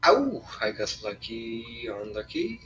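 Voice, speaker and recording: A man's voice: mid-range voice, big pitch swings, unhurried, crowd noise, poor audio. A man playing a tabletop game who thinks aloud hesitantly and laughs between moves. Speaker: player.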